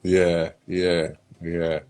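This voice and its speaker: A man hosting a casual live-stream interview, prompting his guest with relaxed, short agreements. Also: sits low, drawn-out words. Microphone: online live stream.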